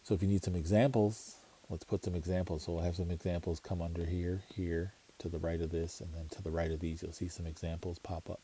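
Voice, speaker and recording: A man teaching a language lesson in a relaxed, explanatory way, slowly repeating words to show how they sound. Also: deep voice, husky. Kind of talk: casual screen-share lesson.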